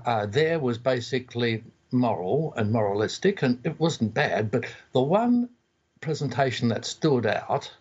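An older Australian theologian being interviewed from far away, speaking in a measured way with frequent pauses. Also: male voice, medium pitch, a little mellow, slightly rough. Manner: measured, with many ums and uhs. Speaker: theologian guest. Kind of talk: interview over a phone line. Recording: muffled phone line.

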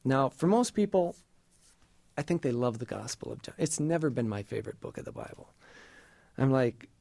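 A middle-aged man telling an earnest, emotional faith story in conversation, pausing and halting as he goes. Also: medium pitch, big pitch swings, creaky, dark tone, dry recording. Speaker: guest sharing a personal faith story. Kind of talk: conversational testimony.

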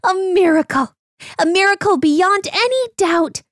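A woman voicing a sad little male donkey in a rhyming storybook read-aloud, with a high, pleading sing-song manner. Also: lively intonation, takes it slowly, no room sound, clean studio sound, full character voice. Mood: overjoyed.

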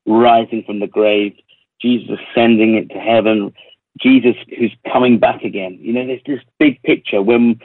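Husky London man on a phone line. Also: fairly low pitch, no room sound. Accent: London English. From England. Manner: reflective, with frequent ums and repeated words. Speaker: worship leader and recording artist. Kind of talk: radio interview.

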